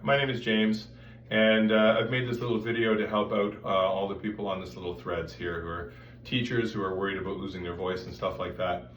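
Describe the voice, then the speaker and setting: A man's voice: fairly low pitch, little pitch movement, brisk, fairly bright tone, echoey room, recorded from a distance, a little hiss or hum. A man giving a casual voice lesson, explaining breath and throat with sung vowel demonstrations. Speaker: voice teacher. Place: room with music stands and metal ductwork.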